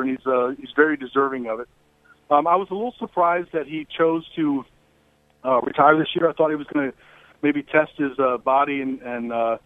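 A man's voice: medium pitch, dry recording. Middle-aged man on a tinny phone line. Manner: relaxed, many fillers and restarts. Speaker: guest on radio show. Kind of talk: phone interview.

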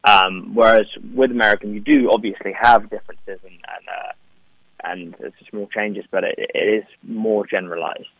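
A man's voice: on the low side, fairly even intonation, normal speed, a bit bright, no echo. A young man with an English accent, an actor chatting as an interview guest, talking freely with many fillers and laughs. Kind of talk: remote interview. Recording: tinny phone-like line, dry.

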